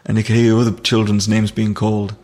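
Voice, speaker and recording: A man's voice: on the low side, completely flat delivery, a little fast, darkish tone. A middle-aged man, telling a vivid story as an interview guest, with restarts and plain dialect grammar. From Nottingham, England. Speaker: guest, firefighter.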